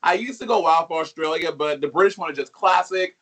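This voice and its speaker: A man chatting as a guest, animated and gossipy, laughing often. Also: fairly high pitch, brisk. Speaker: guest, drag performer. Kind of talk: casual chat.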